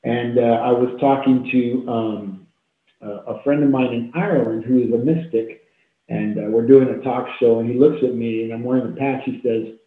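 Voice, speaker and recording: A man in his fifties, a talk show guest telling a deeply personal story in an earnest, heartfelt way with repeated phrases, over a video call. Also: fairly even intonation, normal speed. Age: 50s. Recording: tinny phone-like echoey call audio.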